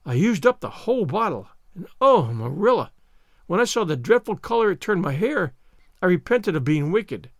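A man's voice: high-pitched, sing-song, moderate pace, no echo, clean studio sound, heavily acted. Anne, a man reading a theatrical girl. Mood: earnest. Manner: theatrical, wordy, pleading. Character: dramatic, despairing young girl. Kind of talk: audiobook character reading.

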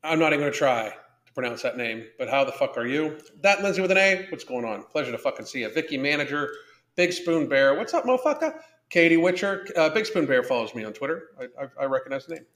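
A man hosts a live podcast, chatting casually in a blunt, profane and rambling way. His medium-pitched voice is expressive, fast and a little bright, and the recording has a roomy echo.

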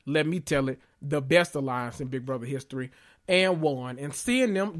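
A man's voice: a little high, a bit bright. A man hosting a casual reality TV recap vlog, sassy and gossipy, laughing often as he rambles.

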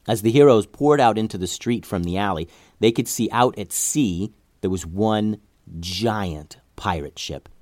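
A man's voice: fairly low pitch, darkish tone, no room sound, clean studio sound. A man narrating an adventure story aloud, building tension through the action scenes.

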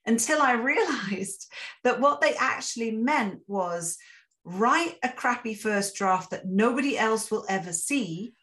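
A woman's voice: a little high, lively intonation, unhurried, a bit bright. Candid woman author, chatting. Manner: candid, self-deprecating, laughs often. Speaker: author guest. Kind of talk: casual interview talk.

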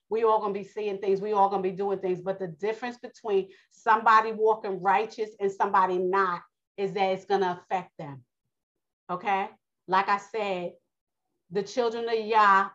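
A woman preaching a casual sermon, reading scripture and talking straight to her listeners, calling them honey and baby. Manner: animated, rising high when quoting the Most High. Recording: lo-fi dull audio.

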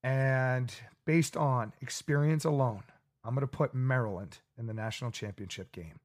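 A man hosts a casual sports podcast at an average pitch. His talk is loose and chatty. He sounds relaxed as he walks through his bracket picks. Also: normal speed. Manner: loose and chatty, with laughs and acted-out quotes. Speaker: podcast co-host.

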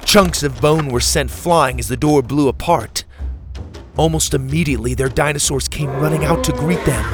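A man narrating a children's adventure story, with lively reading that jumps up loud and high for the characters' shouts. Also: normal speed, over loud music.

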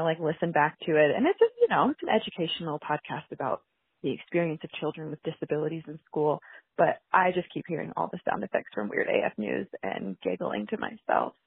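A woman's voice: fairly low pitch, creaky, slightly rough, no room sound. A woman in her thirties, a special ed teacher, leaving a chatty, upbeat voicemail full of ums. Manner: chatty, upbeat, filler-heavy. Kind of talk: casual voicemail. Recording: dry tinny phone line.

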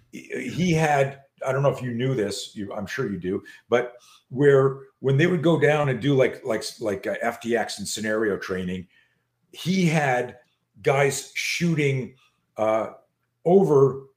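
A man in his sixties, a podcast guest, telling a story in an animated, profane way with many restarts. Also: mid-range voice. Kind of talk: storytelling in a conversation. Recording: roomy echo.

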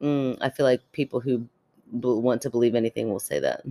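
A woman's voice: extremely low pitch, fairly even intonation, a little fast, dark tone, dry recording. A woman co-hosting a podcast who tells a listener's story with lots of expression, frequent laughter and casual swearing. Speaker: podcast co-host. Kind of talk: casual chat, reading a listener email aloud.

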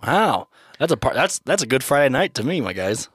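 A man's voice: medium pitch, big pitch swings, brisk, fairly bright tone, breathy edge, dry recording, studio quality. Goofy young man bantering crudely. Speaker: podcast co-host. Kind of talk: casual podcast chat.

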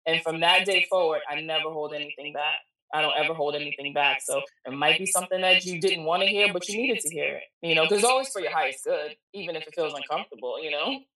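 A woman's voice: deep voice, fast, bright, forceful tone, roomy sound, recorded from a distance, low-quality recording. A woman telling a story in a casual chat, candid and slangy, swearing freely as she talks about her work as a spiritual reader.

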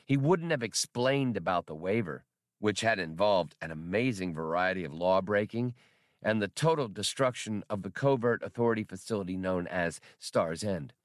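A man reading a science fiction novel aloud as an audiobook narrator, with expressive storytelling. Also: lowish voice, moderate pace, dry recording, studio quality.

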